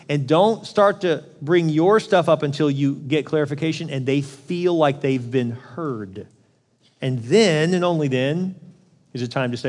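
Middle-aged male pastor, conversational sermon, higher register, long hall reverb. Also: fast talker. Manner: conversational, acts out quoted voices.

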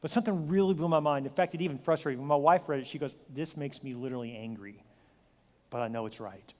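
A pastor in his forties preaching a sermon, telling stories with acted-out dialogue and lively delivery. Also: mid-range voice, quick pace. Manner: animated storytelling, acts out dialogue with shifting voice. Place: large church hall. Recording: hall reverb.

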